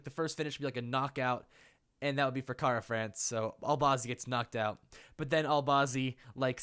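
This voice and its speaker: A man's voice: medium pitch, a bit bright, smooth. A young man talking casually and playfully in an unscripted commentary, laughing often. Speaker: YouTuber.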